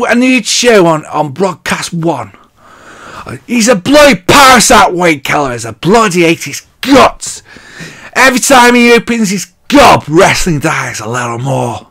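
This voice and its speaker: A man's voice: high-pitched, a bit bright. A man ranting bluntly and mockingly in a casual wrestling vlog, hot and sweaty as he talks. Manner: blunt, mocking, laughs at his own jokes. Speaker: wrestling vlogger.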